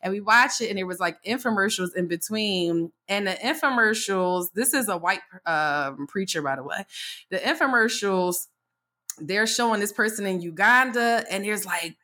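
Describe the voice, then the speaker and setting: Bright-voiced woman telling a story candidly. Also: normal speed. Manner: candid storytelling, swears freely, acts out quotes; laughs often, pitch jumps up when excited. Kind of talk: casual chat.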